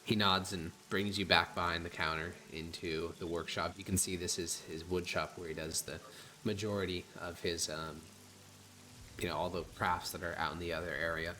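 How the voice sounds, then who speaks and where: A man narrating as game master in a tabletop game, casual and halting with fillers. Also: low-pitched, flat delivery, bright, forceful tone.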